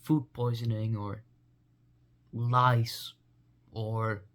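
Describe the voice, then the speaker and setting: A man's voice: mid-range voice, flat delivery, very slow, fairly bright tone. A young man vlogging in a rambling, goofy casual monologue full of fillers.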